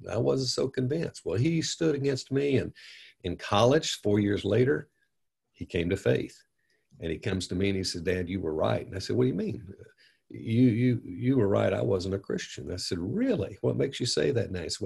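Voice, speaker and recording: Older male pastor, low gravelly voice, unpolished and earnest, telling personal stories. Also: darkish tone. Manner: earnest, folksy, many fillers and restarts. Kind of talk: conversational storytelling.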